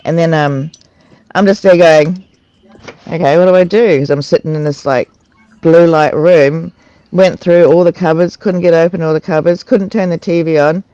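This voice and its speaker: Candid personal sharing at a recovery meeting: an adult recounts things haltingly, with frequent restarts, fillers, and laughs. The voice is mellow and medium-pitched with fairly even intonation. Recorded dry over an online video call, the highs are cut off.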